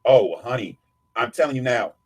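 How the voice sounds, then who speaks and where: A man's voice: medium pitch, animated, normal speed, darkish tone, breathy edge. A man hosting a livestream, taunting and cursing in heated commentary aimed at a rival. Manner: taunting, profane, mocking. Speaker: livestream host.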